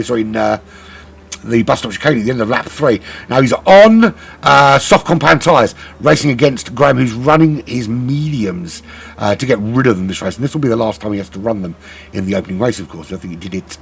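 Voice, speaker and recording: A man's voice: mid-range voice, creaky, slightly rough. A man commentating a sim race live, chatty and rambling, often correcting himself.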